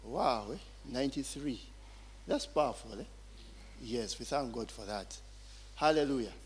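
A man preaching a sermon as pastor, speaking slowly and deliberately, often repeating phrases and interjecting praise. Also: medium pitch, a little hiss or hum. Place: church hall. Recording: long hall reverb.

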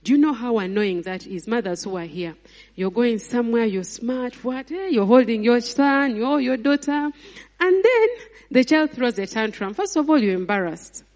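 Animated woman preaching in a reverberant hall. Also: moderate pace. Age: adult, married mother. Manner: lively, animated, with laughs and sudden high exclamations; acts out voices of people and God in her retelling. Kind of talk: sermon.

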